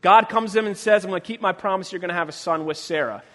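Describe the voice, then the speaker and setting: Male preacher with a strikingly high voice; a playful sermon, acted-out quotes, loud and soft turns, echoing sanctuary. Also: quick pace. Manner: humorous storytelling, acting out quotes, swinging from soft to loud. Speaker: pastor. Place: church sanctuary. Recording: long church reverb.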